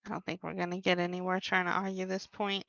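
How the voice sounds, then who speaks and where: A woman's voice: on the low side, monotone, fast talker, gravelly, fairly bright tone, no room sound, dull audio. A woman playing in a tabletop game, direct and matter-of-fact. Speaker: player.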